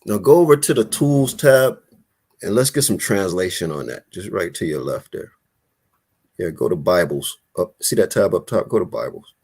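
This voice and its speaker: Host type: low-voiced man, animated street-casual preacher on a live call. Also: normal speed, breathy edge. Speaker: host of an online Bible study talk.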